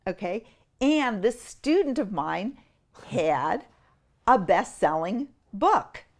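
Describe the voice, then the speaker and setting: Animated middle-aged woman telling a story. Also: medium pitch. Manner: animated and emotional, acts out voices. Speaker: interview guest. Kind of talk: personal storytelling.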